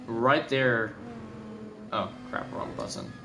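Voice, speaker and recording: Sleepy and yawning, a young gaming video commentator rambles over a replay of his own race as gameplay music plays. He fills his speech with fillers and corrects himself often. His medium-pitched, gravelly voice swoops wildly in pitch and moves slowly.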